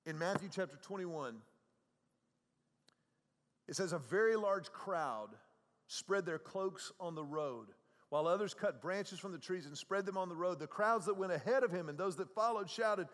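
A pastor preaches a sermon in a conversational way, often repeating words and swinging between soft, quiet passages and loud, raised ones. He has a high voice, and a long reverb tail follows his speech.

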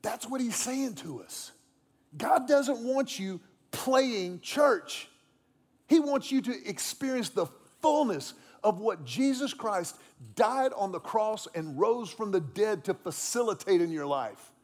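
Male pastor, high and very expressive pitch; animated, conversational sermon delivery. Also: unhurried, hardly any pauses. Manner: animated, conversational, self-deprecating humor.

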